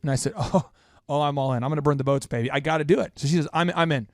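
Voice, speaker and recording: A man hosting a podcast, telling a story in a quick, animated, self-mocking way. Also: fairly high pitch, no room sound, clean studio sound. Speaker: podcast host. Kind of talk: storytelling in casual chat.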